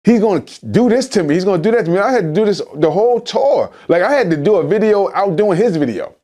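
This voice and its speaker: Philly rapper guy telling a wild story, high voice, swings all over, lots of restarts. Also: quick pace. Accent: Philadelphia. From Philadelphia. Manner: animated, acts out quotes in shifting voices, many restarts. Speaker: rapper guest. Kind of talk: animated storytelling interview.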